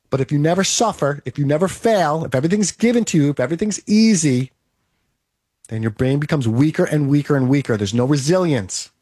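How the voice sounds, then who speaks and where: Guy giving a pep talk, kinda high voice, dry close sound, keeps hammering the same points. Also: a little mellow, dry recording. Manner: emphatic, repetitive, coaching. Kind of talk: motivational monologue.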